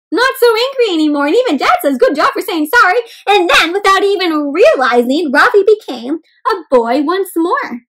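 In a rough recording, a woman with a high, slightly bright voice reads a picture book to children, quizzing them along the way and addressing them as "my friends" in an encouraging, teacher-like manner.

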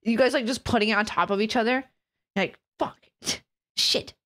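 A woman's voice: a little high, moderate pace, a bit bright. A young adult woman streamer in casual live chat, laughing often and swearing freely as she reacts to videos.

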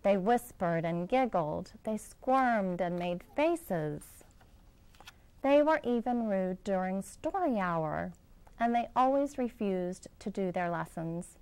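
A woman, a school director, reading a children's picture book aloud in a gentle storytelling manner. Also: medium pitch, lively intonation, slow pace, clean tone, low-quality recording.

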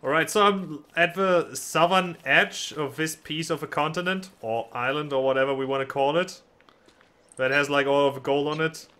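A man's voice: on the high side, fairly even intonation, moderate pace, sharp tone. A young man chatting casually while playing a co-op game, often stammering and restarting, a bit flustered and wry. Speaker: gameplay host. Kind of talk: casual gaming chat.

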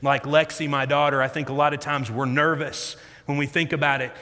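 A man in his thirties preaching a sermon as a pastor, telling stories in an animated way that moves between loud emphasis and quiet reflection. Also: fairly high pitch, fairly quick. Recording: long hall reverb.

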